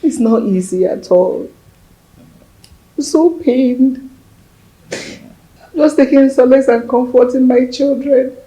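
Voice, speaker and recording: A tearful grieving Nigerian widow. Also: female voice, sits high, slow pace, long pauses, warm tone. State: crying. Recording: echoey room.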